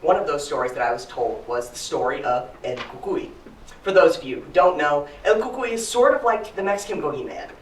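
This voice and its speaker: A man telling a story live to an audience in an animated, playful way, heard from far off. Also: a little high, brisk, a little hiss or hum. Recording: roomy hall, mic from far off.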